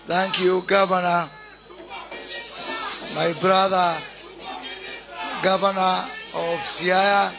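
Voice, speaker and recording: At a launch event, a government minister with a Kenyan accent delivers a deliberate, oratorical speech, calling out greetings to the crowd. His voice sits high and creaky, with a flat delivery, and music plays underneath.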